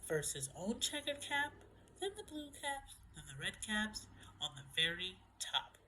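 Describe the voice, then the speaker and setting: A woman reading a storybook aloud to children, slow and unhurried, her voice swooping high and low with lots of expression. She lets some words fall to a whisper, and a faint hum sits under the recording. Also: poor audio. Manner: expressive, playful, drops to whispers. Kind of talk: children's picture-book read-aloud.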